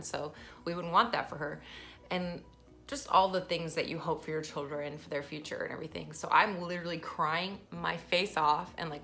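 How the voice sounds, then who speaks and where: Woman, 30s, vlogger; lower-pitched, chatty, laughs a lot while telling a personal story. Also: fairly bright tone. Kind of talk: casual personal vlog.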